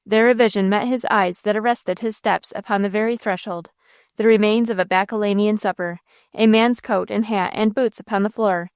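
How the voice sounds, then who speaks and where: A woman narrating a classic novel aloud in a measured, expressive way on a close mic. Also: mid-range voice, clean tone, no echo. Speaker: audiobook narrator. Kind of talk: scripted audiobook narration.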